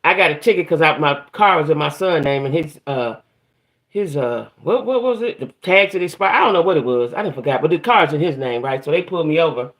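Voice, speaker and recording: A woman's voice: low-pitched, animated, fairly quick. A middle-aged woman hosting a casual livestream. She vents about her day in a profane, aggravated way and greets chat viewers by name as she goes. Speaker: livestream host.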